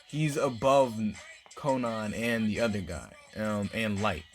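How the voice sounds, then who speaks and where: A man's voice: on the low side, animated, a little slow, soft background music. A man casually narrating a fan-made story, rambling with lots of filler words.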